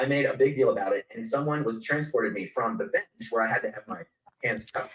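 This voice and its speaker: A man's voice: medium pitch, a little fast, echoey room, distant mic, rough recording. A man telling of his arrest in a played-in clip, acting out his exchanges with officers. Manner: animated retelling that acts out his exchanges with officers.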